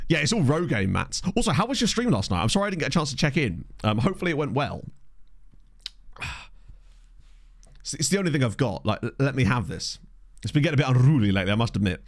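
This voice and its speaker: A gravelly, mid-range male voice belongs to a gaming streamer who chats informally with his viewers during play. He rambles and makes fun of himself, recorded through a desk condenser microphone.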